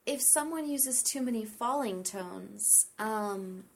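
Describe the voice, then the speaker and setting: Woman teaching intonation, chatty and easygoing, middle pitch, lots of examples. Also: animated, takes it slowly, gravelly. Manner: explains with many examples and light laughter. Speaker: English pronunciation teacher. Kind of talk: casual teaching chat.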